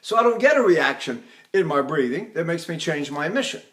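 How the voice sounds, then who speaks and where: An older man leads a singing lesson in a high, bright speaking voice. He explains technique and keeps breaking into sung syllables and short phrases to show what he means. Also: very animated, a little fast. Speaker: voice teacher. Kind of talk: vocal technique lecture with sung demonstrations.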